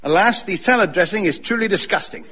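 Chirpy dim posh chap, high and lively, dull radio sound. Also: male voice, fast talker, slight background noise. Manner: chirpy, enthusiastic. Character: cheerful, dim-witted posh friend.

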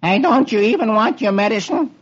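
A man's voice: sits high, lively intonation, brisk, slightly rough. A man voicing a hapless young army private in a comic read on old radio, talking in a hesitant, put-upon way. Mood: plain. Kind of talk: 1950s radio comic reading. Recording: dull old radio broadcast with crowd noise.

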